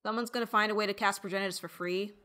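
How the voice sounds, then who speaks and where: Bright-voiced woman streamer thinking aloud. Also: medium pitch, fairly even intonation, racing. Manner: thinks aloud, reads viewer chat, trails off with fillers. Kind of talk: casual live-stream chat while deckbuilding.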